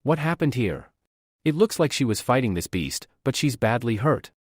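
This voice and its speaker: A man's voice: medium pitch, sing-song, normal speed, breathy edge, no echo, clean studio sound. A man voicing a confident young male alchemist hero in a comic story, casual and self-assured.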